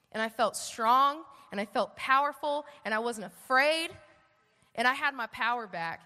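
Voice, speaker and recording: A woman giving a lively personal testimony at church, acting out the dialogue as she tells it. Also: fairly high pitch. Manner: animated storyteller, acts out dialogue. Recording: long hall reverb.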